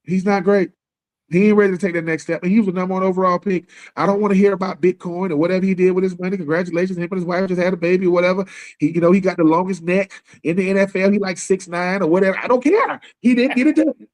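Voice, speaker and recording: A man co-hosting a casual sports talk stream, slangy and animated, acting out other people's lines as he riffs. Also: high-pitched, quick pace. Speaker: podcast co-host. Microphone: live stream call.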